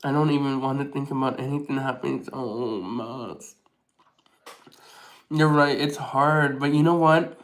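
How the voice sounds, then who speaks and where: A man vlogging casually to camera, rambling with many restarts and fillers, softly sentimental in tone. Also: a little high, flat delivery, fairly quick, poor audio.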